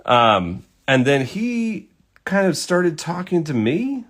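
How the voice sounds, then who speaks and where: A man's voice: on the high side, very animated, slow, fairly bright tone. Man, painter chatting while he works, rambling, swears, lots of fillers. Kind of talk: casual storytelling while painting.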